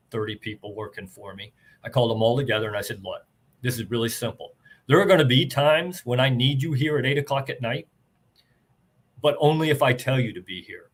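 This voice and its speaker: A man's voice: mid-range voice, a bit bright. An older man, a retired army officer, talking earnestly and plainly about leadership as an interview guest.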